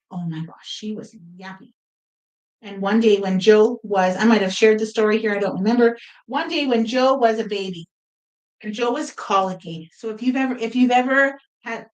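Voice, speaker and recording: A middle-aged woman hosting a sewing video, telling a rambling, animated story in casual chat. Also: medium pitch, rough recording. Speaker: quilting video host.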